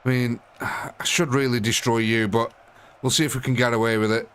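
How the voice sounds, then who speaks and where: A man's voice: mid-range voice, fairly even intonation, normal speed, fairly bright tone, smooth. Chatty male gaming streamer. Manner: chatty, thinks aloud, talks to units on screen. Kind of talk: live gameplay commentary.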